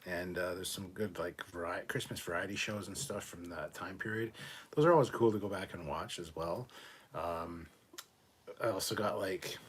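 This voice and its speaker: A man's voice: low voice, slight background noise. A man in his forties co-hosting a casual livestream, reading viewer comments aloud in a laid-back, offhand way with frequent fillers and some swearing. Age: 40s. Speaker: podcast co-host.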